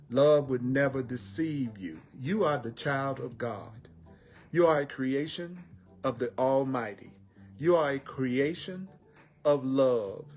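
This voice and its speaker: A man teaching spiritual lessons in an emphatic style, repeating phrases and slowing down on key words. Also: mid-range voice, a little mellow. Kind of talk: repetitive inspirational teaching.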